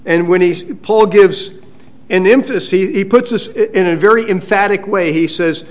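A male pastor preaching a sermon in a church, conversational and halting, with frequent restarts. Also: high voice. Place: church sanctuary.

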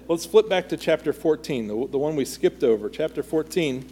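A man's voice: a little high, moderate pace, hardly any pauses, mellow, a little hiss or hum. Man leading a conversational Bible study. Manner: reads scripture aloud, then asks the group questions.

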